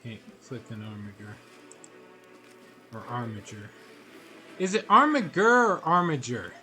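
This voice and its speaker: A man's voice: medium pitch, big pitch swings, unhurried, over music. A man casually thinking aloud as he plays a game on a live stream. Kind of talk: game commentary.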